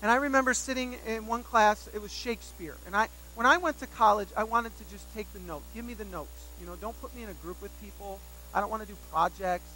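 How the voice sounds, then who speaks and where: A man delivers a sermon in a high, bright and sharp voice. He leans on repetition to drive points home. He slips into animated, self-mocking storytelling. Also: fast talker, few pauses, a little hiss or hum, rough recording. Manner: emphatic, repeats key phrases for weight. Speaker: pastor.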